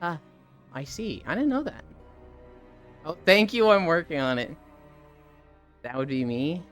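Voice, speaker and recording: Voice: mid-range voice, sing-song, measured pace, faint music behind. A livestreamer in casual chat with viewers, who tells stories animatedly, acts out what friends said, swears and laughs often.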